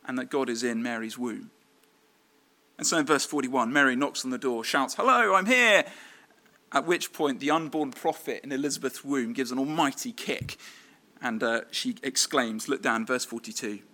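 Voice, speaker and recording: A man's voice: mid-range voice, moderate pace, pushed and bright. A man preaching a sermon in a conversational way, with fillers and restarts.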